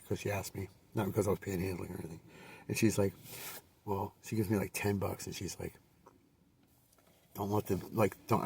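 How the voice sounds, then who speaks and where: A man's voice: sits low, darkish tone, recorded from a distance, slight background noise. A man telling a rambling, profanity-filled personal story with many fillers and restarts.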